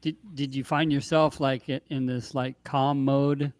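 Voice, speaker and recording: A man asking casual interview questions in a soft-spoken way. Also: medium pitch, level tone, a little slow.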